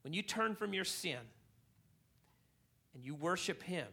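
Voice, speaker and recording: A male pastor preaches to his congregation in a high, bright voice. He tells a funny story in an animated way, getting louder to stress his points. His tone is lively and pointed. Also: a little slow. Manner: animated storyteller, rising in volume for emphasis. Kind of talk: sermon with a humorous story. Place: church hall.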